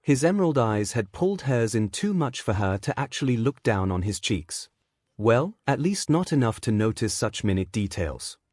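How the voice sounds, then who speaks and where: A man reading a fan-fiction story aloud in a steady storytelling voice. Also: medium pitch, moderate pace, no echo, clean studio sound. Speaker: narrator.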